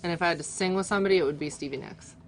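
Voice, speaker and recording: A talkative woman with a voice on the lower side, speaking casually as a guest on a live show. She rambles easily, dropping "like" through her sentences, with a faint hiss behind her. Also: rapid-fire. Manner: chatty, fills sentences with "like". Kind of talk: casual chat.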